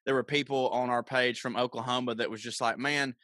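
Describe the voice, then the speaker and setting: A man's voice: medium pitch, flat delivery, quick pace, fairly bright tone, no echo, clean studio sound. A man with a Southern US accent, chatting as a podcast co-host and telling profane, laughing stories. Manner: profane, storytelling, laughs often. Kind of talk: casual chat.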